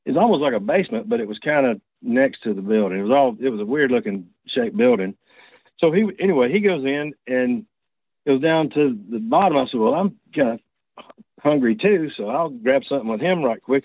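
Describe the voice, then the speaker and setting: A man's voice: medium pitch, no echo. A man telling a personal story in a casual, rambling way, stopping and restarting often. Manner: rambling, halting, many restarts. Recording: dry tinny phone line.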